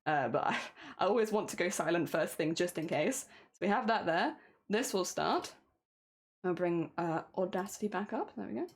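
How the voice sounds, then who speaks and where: A woman's voice: fairly low pitch, animated, moderate pace. A woman streaming as she records and edits a song cover, chatting casually, laughing at herself and talking through each step. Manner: giggly and self-deprecating, narrating each editing step. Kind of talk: casual livestream chat while editing audio.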